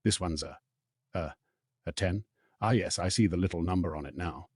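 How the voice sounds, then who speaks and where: A man's voice: sits low, normal speed, darkish tone, slightly rough, no room sound, clean studio sound. A man voicing a cheerful, easily flustered middle-aged wizard father who fumbles nervously in an audiobook reading.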